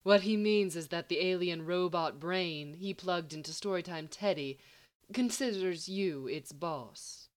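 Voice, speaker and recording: A woman's voice: on the low side, measured pace, close to an everyday voice. A woman voicing a sardonic young woman who teases and questions suspiciously. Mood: teasing. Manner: dry, teasing, suspicious.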